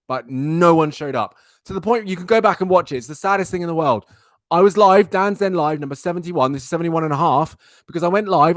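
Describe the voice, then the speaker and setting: A man's voice: fairly high pitch, no room sound, studio quality. A young man hosting a live stream, chatting animatedly with his viewers. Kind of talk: casual live-stream chat.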